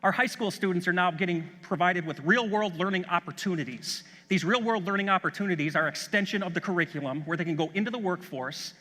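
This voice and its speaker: High, bright-voiced man in a reverberant hall. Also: fast, few pauses. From Chicago, USA. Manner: enthusiastic anecdotal storytelling. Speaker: school superintendent. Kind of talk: conference keynote talk. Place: large conference hall.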